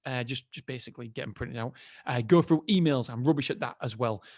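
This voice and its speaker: A man hosts a solo podcast, talking casually, candidly and ramblingly, and keeps interrupting himself and restarting. He talks fast in a mid-range, slightly mellow voice. The studio sound is clean, with no room sound.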